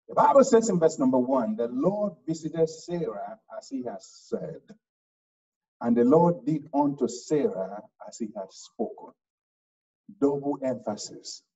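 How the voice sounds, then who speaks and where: A man preaching a sermon as pastor, pressing his points with shouted emphasis and repeated lines. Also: a little high, distant mic, muffled recording.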